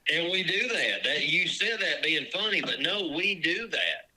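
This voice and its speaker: Fishing guide, bright edgy voice, animated storyteller for a casual podcast chat. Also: male voice, on the high side, a little slow, poor audio. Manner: animated storyteller, acts out lake encounters.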